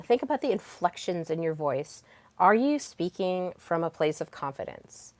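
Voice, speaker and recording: Young woman doing a self-help podcast, kinda low voice, earnest coachy vibe, lots of ums, dead dry room. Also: dry recording. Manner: earnest, coaching tone with many fillers. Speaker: podcast host.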